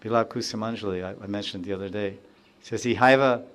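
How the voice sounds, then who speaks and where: A man giving a devotional lecture, reciting verses and explaining them phrase by phrase with pauses and repetition, lifting his voice when he quotes heartfelt pleas. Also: fairly even intonation, a bit bright. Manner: rises in pitch and volume when quoting heartfelt pleas; frequent pauses with fillers. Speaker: spiritual teacher.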